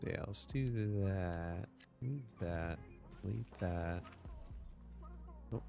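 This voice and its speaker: Low and rough, this man talks in a loose, rambling way while he builds in a game. His voice sits very deep with a gravelly edge. Soft game music plays behind him. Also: drawn-out words. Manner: rambling storytelling with many restarts. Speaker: streamer. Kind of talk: casual gameplay chat. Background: faint game music.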